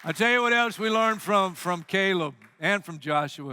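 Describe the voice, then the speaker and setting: Animated, high-voiced preaching pastor. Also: male voice, normal speed, few pauses, smooth, dry recording, a faint crowd. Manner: animated storytelling, acts out quotes. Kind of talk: sermon.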